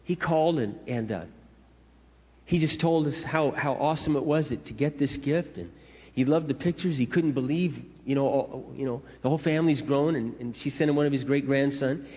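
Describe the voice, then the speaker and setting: A man's voice: mid-range voice, moderate pace, darkish tone. Middle-aged preacher man in an echoey hall. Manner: conversational storytelling preacher. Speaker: pastor. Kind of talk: sermon. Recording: echoey hall, dull lo-fi sound.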